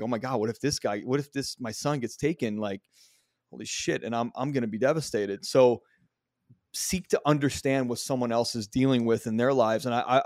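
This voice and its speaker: With a medium-pitched voice, a middle-aged man hosts a podcast, casually recounting personal stories in a candid, frequently profane way. The sound is studio quality, with no room sound.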